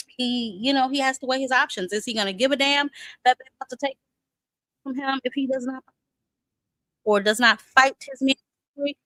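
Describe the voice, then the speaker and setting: A woman's voice: on the high side, pushed and bright, no echo, rough recording. A woman hosting a boxing talk show in a casual live-stream chat, sassy and chatty, calling viewers "honey" and "child" and greeting them by name.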